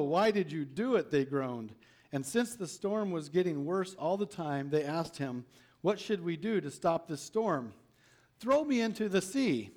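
A man's voice: a little high, a little mellow. A man preaching a sermon, reading a Bible story aloud and asking his listeners rhetorical questions.

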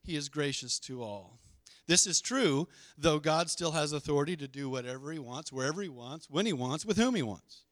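A man's voice: a little high, expressive, normal speed, no room sound, clean studio sound. A middle-aged male pastor preaching a sermon, emphatic and leading the congregation in call-and-response.

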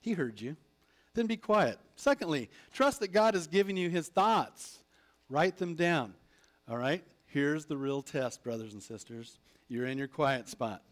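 Pastor, male, slightly higher voice, lively sermon delivery. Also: measured pace. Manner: animated, acts out prayers and God's replies.

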